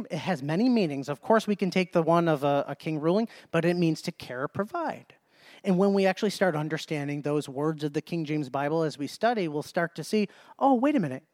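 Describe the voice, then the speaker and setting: A man's voice: high-pitched, darkish tone, dry recording, clean studio sound. A man preaching a Bible study sermon in an emphatic way, often repeating phrases and restarting mid-sentence.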